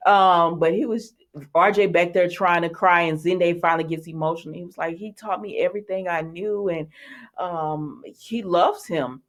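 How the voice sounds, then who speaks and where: A woman's voice: on the low side, moderate pace. Chatty woman recapping a soap. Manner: chatty, animated retelling with laughs and acted quotes. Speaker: soap opera recap vlogger. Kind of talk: casual recap chat.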